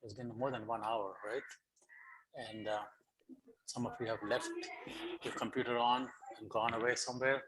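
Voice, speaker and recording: A middle-aged man speaking over a video call as a guest speaker, coaxing his audience through a lively online session and often repeating words as he gets going. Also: mid-range voice, normal speed, long pauses, noisy background. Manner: animated, coaxing, repeats words when starting. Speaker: guest speaker for teacher training. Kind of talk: online lecture leading laughter exercises.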